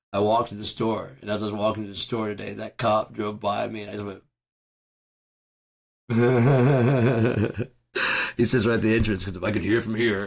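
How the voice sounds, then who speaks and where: A man vlogging at home in a profane, rambling monologue. His voice is raspy and hoarse from screaming. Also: lowish voice. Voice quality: raspy, gravelly. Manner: profane, ranting, with bursts of loud shouting.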